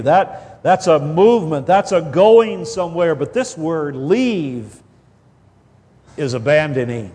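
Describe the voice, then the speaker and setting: Male preacher, higher voice, slow deliberate delivery, reverberant church sound. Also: lively intonation, a little mellow. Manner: slow, deliberate, emphatic phrasing with repeated words. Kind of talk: expository sermon. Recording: long hall reverb.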